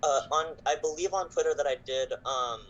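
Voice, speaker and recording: A man's voice: a little high, a little fast, fairly bright tone, muffled recording, slight background noise. Rambling tabletop player man. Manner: rambling, hedging, full of fillers.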